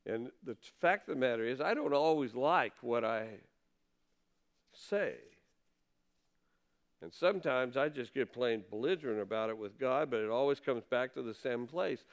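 A man's voice: mid-range voice, expressive, moderate pace. A man preaching a conversational sermon from the pulpit, reading scripture and stressing key words. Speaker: pastor.

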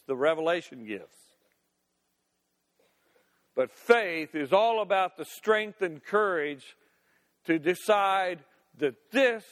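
Folksy high-voiced male preacher in a hall. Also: a bit bright. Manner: folksy, with playful asides and laughter. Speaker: pastor. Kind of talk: sermon. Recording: long reverb of a church hall.

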